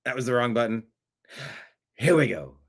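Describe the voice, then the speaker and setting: An American man hosts a casual live stream, reading viewer comments and drifting into rambling, jokey asides. His voice sits at an ordinary middle pitch. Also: expressive, moderate pace, vocal fry. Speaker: show host.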